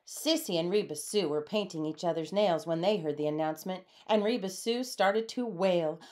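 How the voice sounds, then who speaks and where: A woman reading a storybook aloud in a lively way, changing her voice for the characters. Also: fairly low pitch, moderate pace, few pauses. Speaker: storybook reader. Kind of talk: read-aloud storybook narration.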